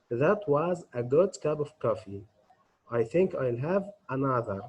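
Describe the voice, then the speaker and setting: A man's voice: medium pitch, a little mellow, husky, rough recording. A middle-aged man, an English teacher, giving a grammar lesson and answering his own questions as he goes.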